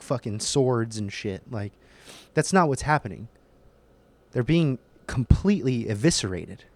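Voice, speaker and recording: A man's voice: medium pitch, darkish tone. A young man hosting his own podcast, ranting in a casual, heated and profane monologue with emphatic swings. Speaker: podcast host.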